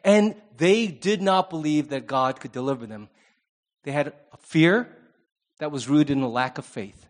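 A man with a high, light voice preaches a sermon in a loose, conversational style. He mixes in jokes and acts out quotes in different voices. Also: unhurried. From Asian American. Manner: conversational preaching with humorous asides and acted quotes. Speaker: pastor.

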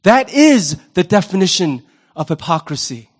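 A male pastor preaching a sermon in an animated, wry way, often jumping into quoted voices. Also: high voice, normal speed, slightly rough.

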